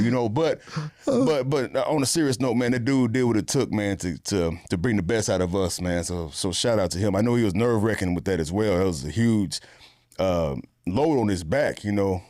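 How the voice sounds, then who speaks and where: A man, an actor, chatting casually in an interview, relaxed and slangy with lots of fillers. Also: on the low side, dry recording, studio quality. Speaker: actor guest.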